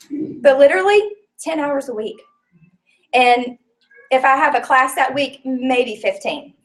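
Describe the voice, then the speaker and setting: A woman's voice: high-pitched, far from the mic. A woman teaching a small class in a casual, chatty way, earnest and full of fillers, sometimes close to tears. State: tearful at times. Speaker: business trainer teaching a class. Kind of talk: casual live class talk. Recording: voice picked up from across a room.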